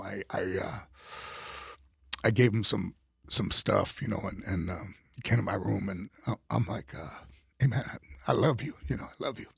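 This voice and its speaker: Gravelly-voiced man rambling through stories. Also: lowish voice, dry recording, clean studio sound. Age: older. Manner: rambling, many restarts and fillers. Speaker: comedian guest. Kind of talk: casual interview storytelling.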